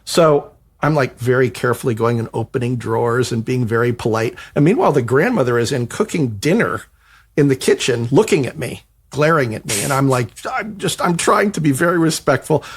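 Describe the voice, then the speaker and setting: A man on a podcast telling a personal anecdote, animated and self-mocking. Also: mid-range voice, brisk, husky. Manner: animated, self-mocking retelling that acts out quoted dialogue. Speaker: podcast co-host. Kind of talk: storytelling anecdote.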